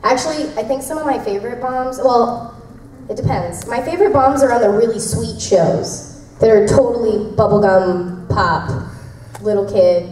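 A woman's voice: on the high side, normal speed, a little mellow. Bubbly woman at a convention panel. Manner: bubbly, giggly, rambling. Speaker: voice actress answering fan questions. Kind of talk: casual convention Q&A. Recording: echoey room from far off, faint noise.

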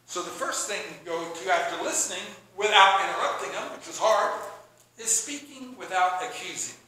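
Excitable pastor guy preaching, acts out convos, kinda high bright voice, really echoey hall. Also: normal speed. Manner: animated, excitable delivery acting out dialogue. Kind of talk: sermon.

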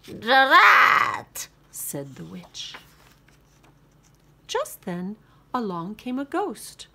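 A woman reading a children's picture book aloud with expressive, sing-song narration. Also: medium pitch, very slow, gravelly, a little hiss or hum. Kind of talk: storybook read-aloud.

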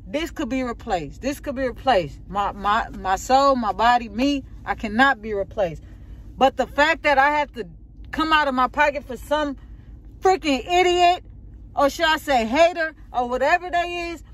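A woman's voice: high-pitched, fairly bright tone. A young adult woman vlogging a rambling, shaken rant from her car, repeating herself as she vents. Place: in or by a car on a road. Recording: outdoor road noise.

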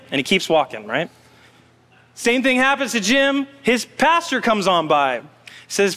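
Speaking at normal speed, a male pastor preaches casually and narratively, dropping asides for his congregation. The sanctuary's lengthy reverb rings out behind his high voice.

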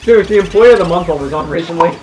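A man's voice: fairly high pitch, very fast, darkish tone, dull audio, slight background noise. A man casually commenting on a video game with a co-host, joking and bantering. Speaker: let's play host. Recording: roomy echo, faint game music.

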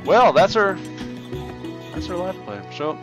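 A man's voice: high voice, sing-song, a little slow, lo-fi sound, soft background music. A man hosting and chatting casually over gameplay, upbeat and rambling with plenty of fillers. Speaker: server host and gaming commentator.

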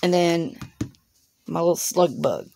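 Chatty woman with gravelly low voice. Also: takes it slowly, mellow, slight background noise. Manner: chatty, instructive, addresses viewers directly. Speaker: crafting channel host. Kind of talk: casual unboxing walkthrough.

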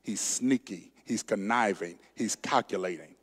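A man's voice: fairly low pitch, unhurried, a bit bright, slightly rough. A male pastor preaching a sermon emphatically, calling out to his congregation. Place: church sanctuary. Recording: long church sanctuary reverb.

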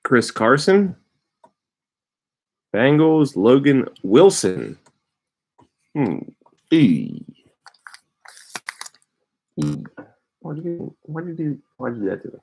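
A man hosting a sports card break, calmly reading out player names as he opens packs. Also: mid-range voice, creaky, slight background noise. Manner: unhurried, reads out player names with bursts of excitement. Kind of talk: casual card-opening commentary.

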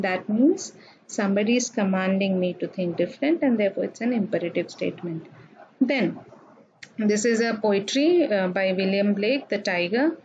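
A woman's voice: fairly high pitch, normal speed, darkish tone. A woman giving a recorded grammar lecture, explaining patiently with fillers and repetition. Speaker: English grammar teacher. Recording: dull lo-fi recording with faint noise.

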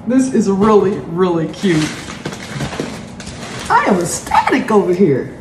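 A woman's voice: medium pitch, unhurried. A woman hosting a cooking channel, talking through an unboxing in a casual, effusive way and exclaiming often. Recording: roomy with steady background noise.

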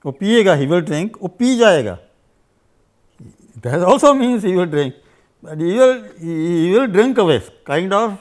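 A man's voice: high-pitched, sing-song, a little fast. A man teaching a grammar lesson, explaining at length with many "you see"s and "uh"s, repeating examples. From India. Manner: repeats example phrases in two languages. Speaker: language teacher. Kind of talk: unscripted grammar lecture.

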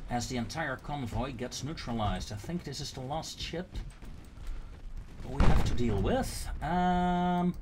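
A man's voice: mid-range voice, slow, very noisy. A man casually commenting on his own strategy gameplay, thinking aloud with fillers and frequent laughter.

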